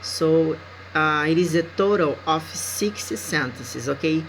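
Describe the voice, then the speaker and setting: A Brazilian woman with a fairly low voice gives an English lesson, speaking very slowly and deliberately. She often checks in with her students with an 'okay?'. A faint noise sits behind her voice. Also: poor audio. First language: Portuguese. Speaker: English teacher. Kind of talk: recorded language lesson.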